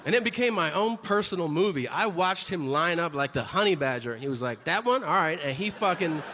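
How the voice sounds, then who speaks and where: Male stand-up, high and bouncy delivery, reverberant hall, live crowd. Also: brisk. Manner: animated storytelling with shouted voiced asides. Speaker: stand-up comedian. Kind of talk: stand-up comedy routine. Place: large hall before a live audience. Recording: reverberant hall, audience noise.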